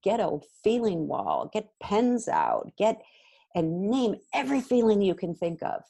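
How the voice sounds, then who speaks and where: A middle-aged woman, a guest expert, giving parenting advice in an energetic, emphatic conversational way. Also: mid-range voice, gravelly, husky. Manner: energetic, emphatic, quick bursts of repetition.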